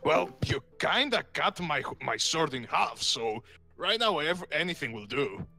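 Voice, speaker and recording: Gravelly, brash man playing a tabletop game. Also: a little high, big pitch swings, a little slow, bright, forceful tone, faint music behind. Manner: brash, swaggering banter. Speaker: player. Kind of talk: in-character tabletop role-play.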